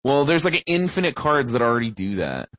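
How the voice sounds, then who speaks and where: Male podcast co-host, mid pitch, foul-mouthed ranter, dry studio mic. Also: very animated, a little fast, a bit bright, dry recording, rough recording. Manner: profane, ranting and mocking. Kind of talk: casual chat.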